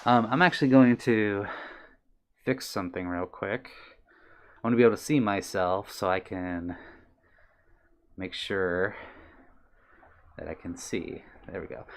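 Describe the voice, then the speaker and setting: A man's voice: lowish voice, normal speed, pauses often. A man chatting casually on a live stream, reading viewer messages aloud with lots of ums and uhs, a little out of breath at times. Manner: friendly, reads chat messages aloud, many ums. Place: his own room on stream.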